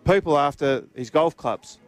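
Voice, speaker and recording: A man's voice: a little high, moderate pace, soft background music. An Australian man hosting a radio sports show, telling a rambling anecdote in casual chat. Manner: rambling, repeats words as he tells a yarn. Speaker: radio host.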